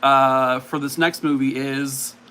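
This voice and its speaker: Slow, chatty man on a livestream. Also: mid-range voice, level tone, bright, forceful tone, slight background noise. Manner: chatty, self-mocking, reacts to viewer comments. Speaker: livestream host. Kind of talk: casual livestream chat.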